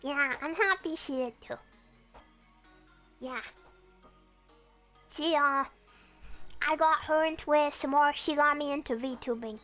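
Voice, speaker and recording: A woman's voice: high voice, slow pace, pauses often, bright, forceful tone, soft background music. A young woman chatting casually and playfully with her viewers on a stream from her room. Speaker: VTuber streamer.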